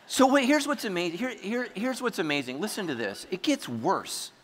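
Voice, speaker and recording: A man preaching a sermon, telling a story with animated energy and sudden shouts. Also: sits high, a little fast, few pauses, in a large hall, a little hiss or hum. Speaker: pastor.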